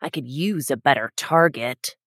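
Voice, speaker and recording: A woman's voice: very deep voice, normal speed, fairly bright tone, no room sound. A woman playing a bored, sardonic female knife-thrower in an improvised tabletop role-play. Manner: dry and sardonic.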